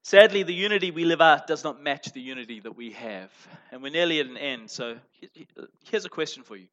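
Emphatic pastor, bright voice, dull recording. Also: male voice, fairly high pitch, animated, a little fast. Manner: emphatic, swinging between loud stresses and quiet asides. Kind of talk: sermon. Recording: dull lo-fi sound.

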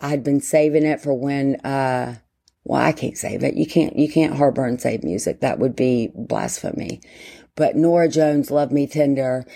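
A woman's voice: extremely low pitch, moderate pace, gravelly, mellow. A woman, chatting casually as a podcast host, rambling, interrupting herself and filling gaps with ums. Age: 50s. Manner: rambling, self-interrupting, many fillers. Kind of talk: casual solo chat.

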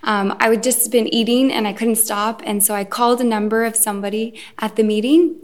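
A woman sharing her personal recovery story at a meeting, hesitant with many pauses and restarts. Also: on the high side, fairly even intonation. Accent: Irish. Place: event room. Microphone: recorded.

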